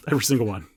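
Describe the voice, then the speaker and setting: A man's voice: mid-range voice, slightly rough. A man co-hosting a podcast, rambling in casual chat with many restarts. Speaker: podcast co-host.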